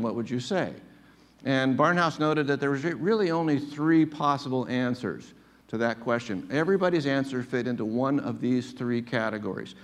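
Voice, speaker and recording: A man preaching a sermon in a conversational style, with frequent restarts and fillers, slowing down and lifting his voice on key points. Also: mid-range voice, animated. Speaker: pastor.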